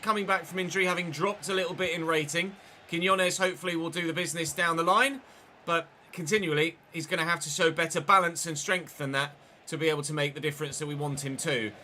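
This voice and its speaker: A man's voice: on the high side, bright, forceful tone, a little hiss or hum. A young man commentating his football video game live, chatty and thanking viewers by name between plays. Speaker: gaming streamer.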